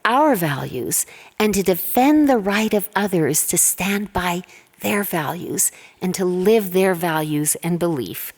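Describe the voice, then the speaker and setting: Woman panelist, low voice, earnest conference address, big echoing hall. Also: darkish tone. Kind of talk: prepared conference speech.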